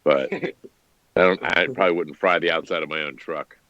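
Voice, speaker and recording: Male player, deep voice, jokey, dull dry recording. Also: a little fast, sharp tone, no echo. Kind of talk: playing a tabletop game.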